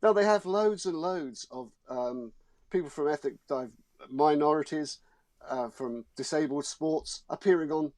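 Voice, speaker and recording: A man's voice: on the high side, a little slow, a little mellow, dry recording. Indignant male journalist guest. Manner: emphatic, indignant, repeats words. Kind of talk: opinionated studio discussion. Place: TV studio.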